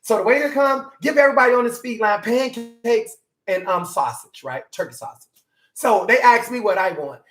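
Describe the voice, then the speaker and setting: Fired-up preacher guy, talks loud and his voice shoots up high when he gets going. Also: moderate pace, faint music behind. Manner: voice climbs high when emphatic; animated, hollering preaching. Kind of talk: motivational sermon.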